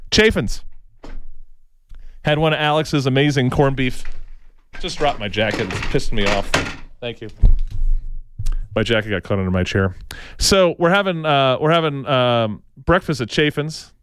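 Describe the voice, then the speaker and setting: A man's voice: on the high side, smooth, no room sound. A man co-hosting a talk show, telling rambling opinionated stories, tagging his sentences with "right?" and slipping into impressions of the people he quotes. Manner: tags sentences with "right?", frequent restarts.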